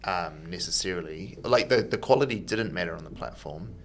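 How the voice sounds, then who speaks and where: A man hosting a podcast in a casual chat. His voice sits low and gravelly, and his questions ramble along with fillers and restarts. A faint hiss runs under the recording. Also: lively intonation, a little fast. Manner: loose, filler-heavy questions with many restarts. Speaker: podcast host.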